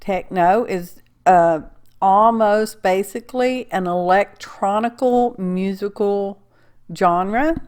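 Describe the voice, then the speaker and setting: A woman talks through a craft project in a relaxed, folksy way. She rambles and asks "okay?" as she goes, and her voice sits at an ordinary pitch for a woman. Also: clear, resonant tone. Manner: chatty, folksy and rambling, often asking "okay?". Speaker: card-making crafter. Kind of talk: casual craft tutorial.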